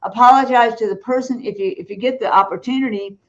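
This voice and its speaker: A woman's voice: fairly high pitch, quick pace, lo-fi sound. A woman guest on a Christian talk show, speaking bluntly and emphatically about prayer and sin, laughing between her points. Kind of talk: blunt preaching-style talk.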